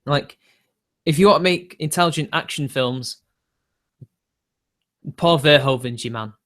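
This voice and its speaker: A man's voice: fairly high pitch, measured pace, fairly bright tone. A man, chatting casually on a livestream, answering viewers' questions in an opinionated, rambling way with frequent laughs. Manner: rambling, opinionated, laughs often between remarks. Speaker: streamer.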